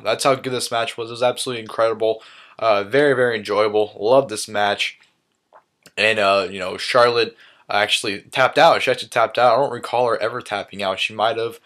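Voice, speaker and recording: A man's voice: on the low side, fairly bright tone. A young man giving a casual, enthusiastic recap in his own words, often saying "awesome" with many fillers and restarts. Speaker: vlogger recapping a live wrestling event.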